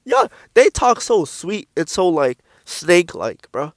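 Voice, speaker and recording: A man with a high voice for his sex gives a blunt, casual preaching talk. He swears freely and hammers his points home by repeating them. The recording is close-miked and dry. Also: sing-song, unhurried, no room sound. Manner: blunt, profane, repeats himself for emphasis. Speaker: Christian speaker.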